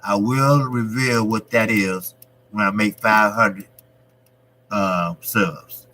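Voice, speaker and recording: A man hosts his own boxing livestream, talking slowly and taking his time as he reads the chat. His voice is bright and forceful, with plenty of blunt, profane street banter. A faint hum sits under the recording. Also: on the low side, steady tone, low-quality recording. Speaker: boxing channel host reading live chat. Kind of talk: casual livestream talk.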